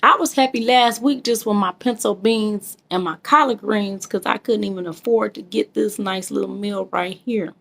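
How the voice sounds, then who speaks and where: A woman's voice: mid-range voice, normal speed, gravelly, few pauses, a bit bright. A woman from Michigan, talking to her viewers in a heartfelt, emotional, preachy way. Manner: emotional, preachy, addresses viewers as kings and queens. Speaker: vlogger. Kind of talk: casual heartfelt vlog talk.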